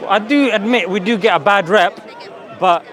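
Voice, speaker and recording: A man's voice: high voice, normal speed, a bit bright. A man making an earnest, persuasive case in an open-air religious debate, checking in with his listener through tag questions. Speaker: street preacher. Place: outdoor public park. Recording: outdoor crowd chatter.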